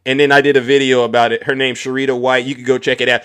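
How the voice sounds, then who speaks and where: A man's voice: mid-range voice, very fast, clear, resonant tone. Mocking man hosting a commentary vlog. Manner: mocking and animated, addresses viewers directly. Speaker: host.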